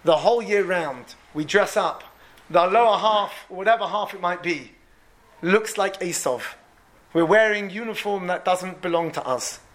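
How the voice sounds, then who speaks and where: Male preacher, high voice, lively storyteller who acts out his characters. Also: measured pace. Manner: animated, repeats words, voices the people in the story. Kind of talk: storytelling sermon.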